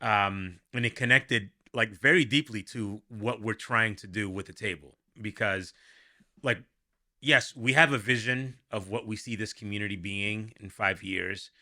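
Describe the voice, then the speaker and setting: A young adult man hosting a casual podcast as a worship leader, animated and laughing, thinking aloud with restarts. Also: lowish voice, a little slow.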